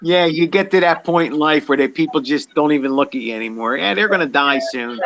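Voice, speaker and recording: An older man joining a casual chat, telling animated stories and laughing often. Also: on the high side, brisk, lo-fi sound, background noise. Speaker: community member.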